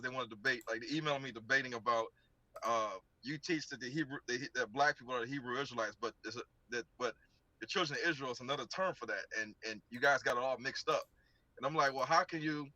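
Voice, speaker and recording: A man's voice: mid-range voice, bright, forceful tone, no echo, lo-fi sound. A man speaking casually to his audience, rambling and often repeating his words. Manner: rambling, repeats himself while talking. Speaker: ministry speaker addressing debate challengers. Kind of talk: casual monologue.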